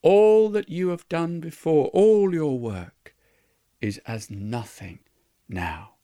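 A man voicing a calm, unruffled female angel who speaks in a measured, solemn way. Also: a little high, no echo, studio quality, voice pushed up.

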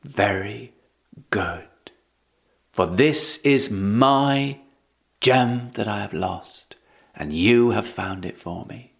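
A man voicing a storybook queen who is calm and commanding, speaking slowly and quietly. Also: on the low side, vocal fry, pitched below the performer's own voice, full character voice. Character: queen mourning lost gems, calm and commanding.

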